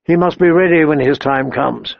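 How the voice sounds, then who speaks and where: A man reading the lines of a weary nobleman, solemn and firm, in a low, restrained voice. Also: moderate pace, vocal fry, no echo, dull audio. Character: grave, weary nobleman and father.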